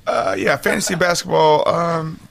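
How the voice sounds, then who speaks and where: A man's voice: on the high side, fairly even intonation, moderate pace, creaky, a bit bright. A man co-hosting a casual podcast with roommates, laid-back and joking. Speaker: podcast co-host. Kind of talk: casual banter among roommates.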